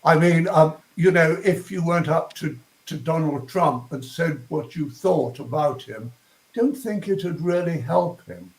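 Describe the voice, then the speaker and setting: An older man with a posh southern English accent speaks slowly and thoughtfully, pausing and restarting as he looks for words. His voice sits a little high for a man. The recording has a noticeably roomy, echoey sound. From England. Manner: slow, thoughtful, searching for words with ums and restarts. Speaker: guest. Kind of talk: reflective interview talk.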